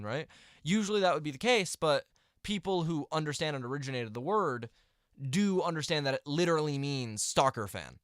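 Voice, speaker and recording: A man's voice: fairly high pitch, lively intonation, quick pace, fairly bright tone, smooth, no echo, clean studio sound. A young man ranting to camera in a vlog, exasperated and rambling, with restarts and mumbled asides. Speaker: vlogger.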